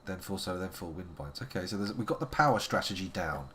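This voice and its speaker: A man streams a game live and talks through it at his desk mic. His fairly low voice moves a lot in pitch as he makes playful, wordy, theatrical asides to his chat, over a faint hiss of background noise. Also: animated, fast talker, fairly bright tone. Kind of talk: live gameplay commentary.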